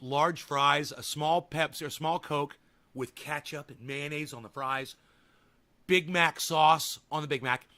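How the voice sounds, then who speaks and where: Livestream guy, kinda high bright voice, cussing and rambling back at his chat. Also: steady tone, a little slow. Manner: profane, combative, rambling with restarts. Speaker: livestream host. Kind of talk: casual livestream chat reading comments.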